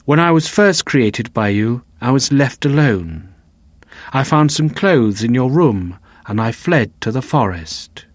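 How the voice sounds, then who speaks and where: A man's voice: medium pitch, expressive, no echo. A man reading as a lonely, bitter creature. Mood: plain. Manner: slow, plain, careful reading. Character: lonely, bitter male creature, hurt and accusing. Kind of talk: reading a graded reader aloud.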